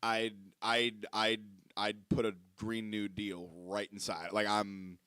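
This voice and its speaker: Bright-voiced young man joking crudely. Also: lowish voice, level tone, slow pace, clear, resonant tone, no room sound. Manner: joking, filler-heavy with many uhs. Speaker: podcast co-host. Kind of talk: crude casual banter.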